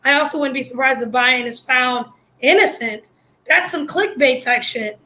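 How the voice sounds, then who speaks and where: A woman hosting her own video channel, reacting to news in blunt, excitable, slangy casual commentary while losing her voice. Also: high-pitched, moderate pace.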